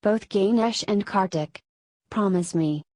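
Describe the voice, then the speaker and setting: A woman voicing a dying young woman in an audiobook, quiet and firm in her pleas. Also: medium pitch, measured pace, no room sound, close to an everyday voice. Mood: pleading.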